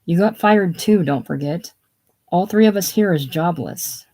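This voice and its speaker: A reader doing a prideful man who bristles and snaps back. He is defensive and quick to take offense. The voice sits mid-pitch. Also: a little mellow. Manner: defensive, snappish. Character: touchy, prideful shaken man. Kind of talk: casual solo play reading.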